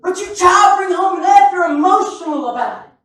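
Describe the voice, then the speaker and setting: A man preaching a sermon, telling stories with laughter and bursting into shouts. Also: extremely high pitch, fairly quick. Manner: animated, often shouting, laughing storyteller. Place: church sanctuary. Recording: echoey church from far off.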